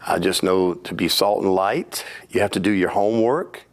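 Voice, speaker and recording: A Southern US pastor speaks in a somewhat low voice. He tells stories plainly and earnestly at a church Bible study, and he sounds like he means every word. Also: normal speed. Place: church hall.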